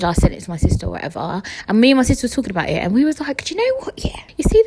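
A young woman chatting casually on her podcast, frank and jokey, swearing freely and talking straight to her listeners. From England. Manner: lively swings in pitch and loudness. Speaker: podcast host.

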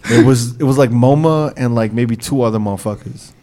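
A man's voice: mid-range voice, a little fast. A man in casual group banter, swearing freely and ranting with exasperation while telling stories. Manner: exasperated, profane, animated storytelling.

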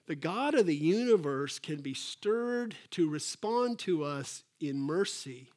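A man preaching a sermon as pastor, animated, acting out quotes in a raised voice and dropping to soft asides. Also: on the high side, slow pace.

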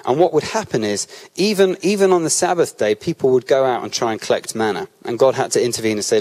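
Speaking at church, a British man with an ordinary mid-range pitch and a darkish tone talks fast and animatedly, barely pausing. His relaxed, conversational preaching draws on personal stories, and he frequently abandons and restarts sentences while telling them.

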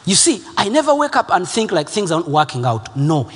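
Fiery preacher, high lively voice. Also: male voice, brisk, husky, in a large hall. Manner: emphatic and repetitive, rising to shouts. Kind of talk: sermon.

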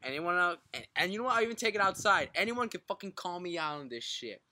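Lively bright-voiced man mumbling casual podcast chat. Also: high voice, quick pace, no echo. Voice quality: thick, mumbled articulation. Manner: excitable, swears a lot, laughs often. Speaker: podcast co-host.

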